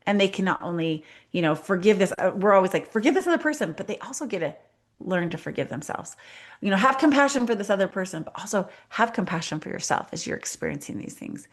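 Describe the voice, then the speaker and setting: A woman co-hosting a podcast as a life coach, talking in an animated, emphatic way and acting out voices in casual conversation. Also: medium pitch, fast talker. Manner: animated, acts out children's voices, repeats for emphasis.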